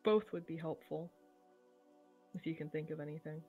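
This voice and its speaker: A woman's voice: deep voice, normal speed, phone-quality sound, soft background music. A woman playing a tabletop game, asking a character polite, careful questions. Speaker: player.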